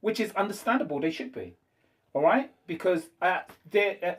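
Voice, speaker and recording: Host, casual debater, fairly high male voice, stumbling, lots of restarts. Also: animated. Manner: hesitant, halting speech with many restarts.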